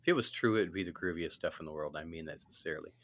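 Very deep, bright-edged man chatting casually. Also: quick pace. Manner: easygoing, lots of fillers, self-described skeptic. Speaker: podcast co-host. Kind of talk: casual chat.

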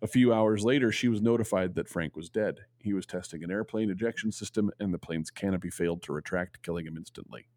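A man's voice: low voice, fast, few pauses, a little mellow, no room sound. A man co-hosting a talk show, reading a listener's letter aloud and telling stories, earnest, with stammers when he ad-libs. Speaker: podcast co-host.

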